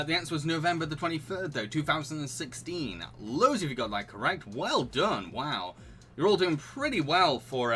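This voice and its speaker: Reading out questions and options to his audience, a quiz host on a livestream laughs, giggles, and answers chat. He has a sharp, mid-range voice, and there's slight background noise.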